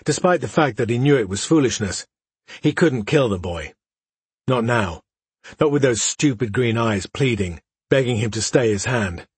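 A man narrating a fantasy story as an audiobook, measured and dramatic, often dropping to a hush. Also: medium pitch, expressive, slightly rough, no room sound.

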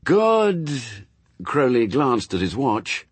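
A man reads a novel aloud with expressive, dry storytelling. His fairly low voice roams widely in pitch, with a husky texture, recorded close in a dead, dry room. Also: normal speed, dry recording. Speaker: audiobook narrator. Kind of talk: scripted narration.

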